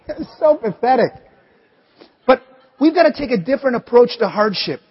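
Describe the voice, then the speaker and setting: Middle-aged male pastor, husky high voice, conversational sermon, dull lo-fi church recording. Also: very animated, moderate pace, long pauses. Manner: conversational storytelling with acted asides. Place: church sanctuary. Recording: echoey church hall, dull lo-fi audio.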